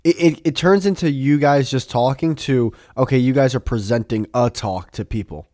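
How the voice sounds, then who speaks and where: A male podcast host in easygoing chat with a friend. He gets animated fast, jumps up in pitch when he's excited, and laughs easily. The recording is dry and close, with no room sound. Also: no echo. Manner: animated, quick to laugh, swears freely. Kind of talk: casual chat.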